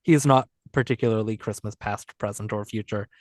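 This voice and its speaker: A man's voice: fairly low pitch, fairly even intonation, brisk, darkish tone, no echo, studio quality. A man co-hosting a podcast, rambling and joking in casual chat. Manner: rambling, chatty, jokey. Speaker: podcast co-host.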